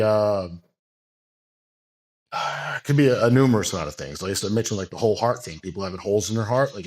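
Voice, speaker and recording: Low-pitched with a somewhat dark tone, a man who coaches bodybuilding speaks sincerely on a laid-back podcast. His talk flows in loose, extended sentences dotted with fillers.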